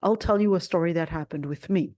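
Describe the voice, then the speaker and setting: An American woman with a slightly low voice teaches a religious lesson in a relaxed, conversational way. She leans on fillers like "of course" and grows animated as she tells a story. The recording is close and dry, with no room sound. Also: fast talker, no echo. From Jordan. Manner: animated when retelling the story. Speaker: Quran teacher.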